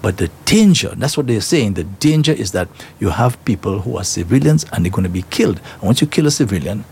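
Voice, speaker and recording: Husky host, emphatic. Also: male voice, on the low side, sing-song, fairly quick, a little mellow. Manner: emphatic, repetitive, rhetorical questions. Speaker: talk show host. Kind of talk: opinionated current-affairs commentary.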